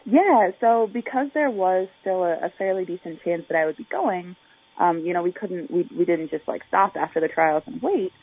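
A woman's voice: lowish voice, expressive, moderate pace, slightly rough. A woman Olympic athlete talking in a chatty way, full of fillers and restarts, during a phone interview. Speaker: Olympic track and field athlete. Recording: tinny phone line.

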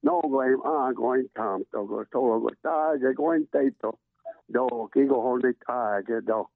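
Older male elder leading a chanted prayer down a tinny phone line, rough voice. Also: normal speed, no echo. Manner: chanting prayer with sudden high swoops. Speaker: prayer giver. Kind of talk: spoken prayer. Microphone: phone call.

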